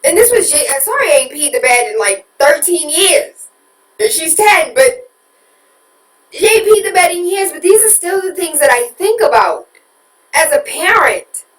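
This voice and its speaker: A woman's voice: sits high, fairly bright tone, reverberant, distant mic, rough recording. A woman hosting a talk radio show, preaching at listeners with rhetorical questions and candid confessions about her own parenting.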